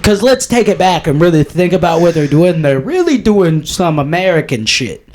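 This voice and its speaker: Man, podcast co-host, casual chat, swears a lot, a bit high in pitch. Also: big pitch swings, normal speed, a little mellow. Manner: profane, rambling, jokey.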